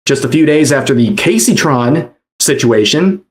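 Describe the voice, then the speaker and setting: Measured male drama commentator. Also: mid-range voice, lively intonation. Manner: measured, explanatory, repeats key points. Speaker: commentary narrator.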